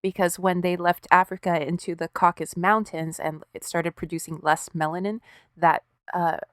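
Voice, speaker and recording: A woman co-hosting a podcast, telling stories in a casual, profane, animated way. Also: lowish voice, normal speed, clean tone, no room sound, studio quality. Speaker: podcast co-host. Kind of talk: casual chat.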